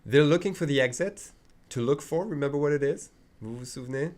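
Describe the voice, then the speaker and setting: A man's voice: on the high side, fairly quick, darkish tone. A man teaching an online language lesson, chatty and full of asides, often checking in with his students. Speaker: French teacher.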